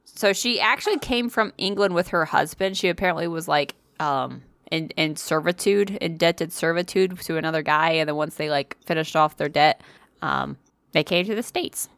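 With a deep, creaky, slightly bright voice at a normal pace, a woman co-hosts a podcast and tells a story in casual conversation. She swears freely, laughs a lot, and pokes fun at herself. The recording is dry.

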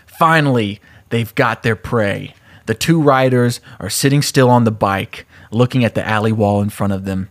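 A man's voice: fairly low pitch, moderate pace. Laughing man telling a story. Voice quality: laughs often, animated storyteller. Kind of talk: casual chat, retelling a story.

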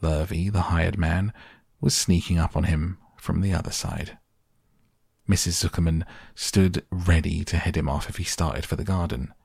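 Deep gravelly guy reading a bedtime audiobook, slow and soft, dry close sound. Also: fairly even intonation, no echo. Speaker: podcast reader. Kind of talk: calm audiobook narration for sleep.

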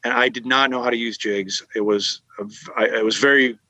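Man, from Massachusetts, casual storytelling, rambling with fillers, mid pitch, dry close sound. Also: steady tone, brisk, pushed and bright, dry recording. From Massachusetts, USA. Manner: rambling anecdotes with many fillers and restarts. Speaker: guest telling fishing stories.

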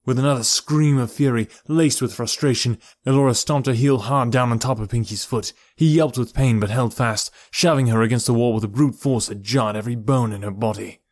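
A man narrating an audiobook in a steady, measured storytelling voice. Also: mid-range voice, no echo, clean studio sound. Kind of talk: scripted narration.

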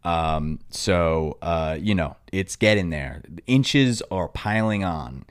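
Young male podcast host with a New York accent, lowish voice, rambling and loose with sudden loud bursts. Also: slow pace, smooth. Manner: rambling and filler-heavy, breaking into loud excited outbursts. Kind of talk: casual chat.

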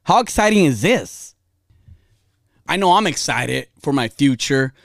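Animated woman giving a motivational talk. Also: low-pitched, measured pace, no echo. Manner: emphatic, repetitive, uses slang.

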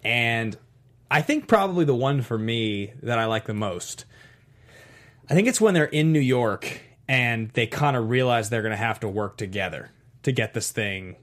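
A man chatting casually on a podcast, rambling and eager, his words tumbling out with plenty of fillers. His pitch sits in an ordinary middle register, neither deep nor high. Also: lively intonation, normal speed, fairly bright tone. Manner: enthusiastic, rambling with fillers and laughs. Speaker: podcast co-host. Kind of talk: casual chat.

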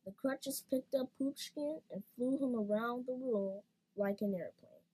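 A woman reading a children's storybook aloud in an expressive, playful way. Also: a little high, unhurried, breathy edge, low-quality recording.

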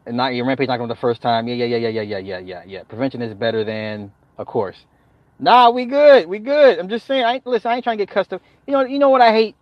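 A medium-pitched man talks very fast in a sing-song way with few pauses, bantering profanely on his live stream, laughing frequently and echoing his own points while replying to chat. There's no room sound; the audio is dull, dry lo-fi.

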